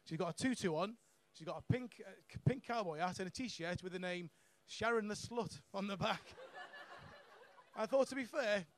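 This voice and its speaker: Brash, sweary comedian. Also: male voice, high-pitched, normal speed. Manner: brash, sweary, laughs at own jokes. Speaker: stand-up comedian. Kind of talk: stand-up set. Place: comedy club stage.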